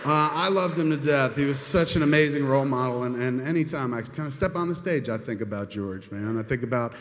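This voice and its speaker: A man's voice: medium pitch, fairly quick. A man telling a long story on stage into a microphone, rambling and swearing casually. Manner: rambling, profane, peppered with "and shit". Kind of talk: live storytelling. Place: stage in a venue. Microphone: handheld microphone. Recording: hall reverb.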